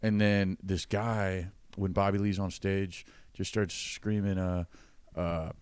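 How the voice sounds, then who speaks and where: A man's voice: deep voice, level tone, slow, a little mellow, clean tone, no echo. A man, a comedian guest, telling rambling, profane stories in casual podcast chat.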